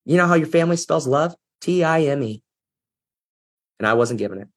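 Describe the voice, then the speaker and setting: Husky earnest man telling a story. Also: on the high side, animated, brisk. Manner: earnest, reflective, emotional at times. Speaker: podcast guest, business executive. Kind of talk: personal storytelling in an interview.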